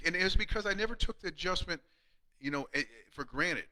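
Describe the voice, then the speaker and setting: A man in his fifties, a chiropractor giving an earnest live-streamed talk to colleagues, emphatic with many restarts and going quiet and hushed when retelling patient stories. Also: high-pitched, animated, fast, low-quality recording. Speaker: chiropractor speaking to fellow chiropractors.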